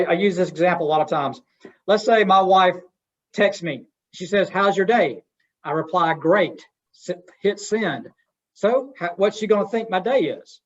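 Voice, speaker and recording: Man presenter, fairly high voice, folksy and interactive, muffled webinar sound. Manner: folksy, asks the audience questions. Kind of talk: interactive workshop talk. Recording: dull lo-fi webinar audio.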